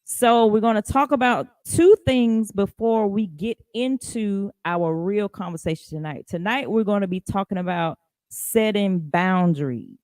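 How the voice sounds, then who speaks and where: Lively woman hosting a podcast. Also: mid-range voice, a little slow, no echo. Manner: lively, greets listeners by name, laughs often. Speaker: podcast host. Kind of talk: casual live podcast chat.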